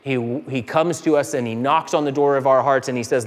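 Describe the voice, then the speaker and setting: A man's voice: medium pitch, fairly even intonation, a little fast, long reverb tail. A man preaching a sermon earnestly, acting out quoted voices and building to emphatic peaks. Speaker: pastor.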